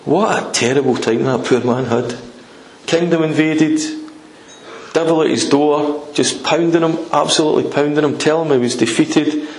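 A man's voice: fairly high pitch, normal speed. A man preaching an informal sermon in a conversational, emphatic way, acting out scripture scenes. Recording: echoey room with faint noise.

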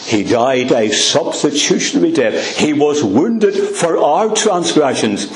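A man preaching a sermon in a church, with dramatic pauses and a voice that drops low on repeated refrains. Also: big pitch swings. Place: church hall. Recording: echoey church sound.

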